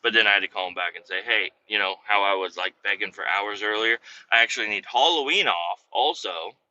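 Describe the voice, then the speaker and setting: A man's voice: on the low side, a little fast, bright, forceful tone. A man hosting a podcast, telling a story casually and profanely, acting out everyone he quotes in his own voice. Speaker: podcast host. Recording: slightly dull, faint road noise.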